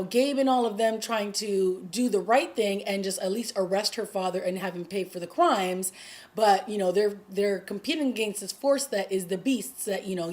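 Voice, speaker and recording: In a mid-range voice, a woman who recaps TV shows gives a relaxed rundown of an episode. She's chatty, peppering her talk with "like" and "you know," and grows excited whenever the drama peaks.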